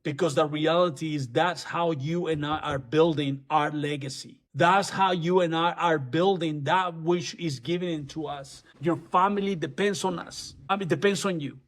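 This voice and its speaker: A man's voice: on the high side, steady tone, moderate pace, hardly any pauses. A man giving an urgent motivational faith talk to other men, with much repetition and frequent restarts. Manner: restarts and stammers often. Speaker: men's ministry speaker.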